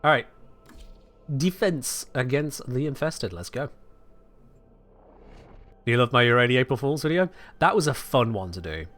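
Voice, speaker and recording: A man's voice: mid-range voice, animated, moderate pace, long pauses, fairly bright tone, faint music behind. A man chatting dryly and sarcastically with viewers while playing a game on a live stream. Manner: dry, sardonic, chats to viewers while playing. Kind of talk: casual live-stream chat while gaming.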